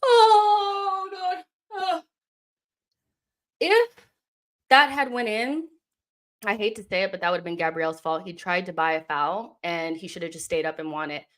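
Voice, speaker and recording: A young woman hosting a live football watchalong, reacting with exasperation and yelling at the referee and players. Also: fairly low pitch, moderate pace.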